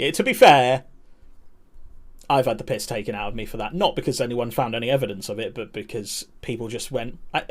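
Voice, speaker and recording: A young man chatting candidly and rambling on a live stream, swearing and laughing often. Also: mid-range voice. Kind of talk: casual chat.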